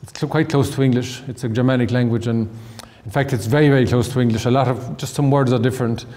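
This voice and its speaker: A man's voice: mid-range voice, fairly even intonation, quick pace, warm tone, big-room sound. A man with a southern Irish accent giving an online lecture, often repeating words as he restarts his sentences. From Ireland.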